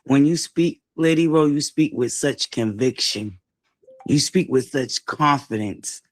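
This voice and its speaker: A man joining a livestream as a guest, speaking earnestly and warmly praising the host in a preacherly way. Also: mid-range voice, a little slow. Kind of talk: encouraging livestream talk.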